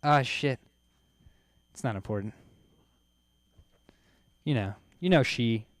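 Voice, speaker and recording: Male stand-up comic, loose and self-mocking, smooth tone, dry sound. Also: mid-range voice, animated, slow pace, no room sound. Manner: loose, self-mocking, laughing at own jokes. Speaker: stand-up comedian. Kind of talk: stand-up set. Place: comedy club stage.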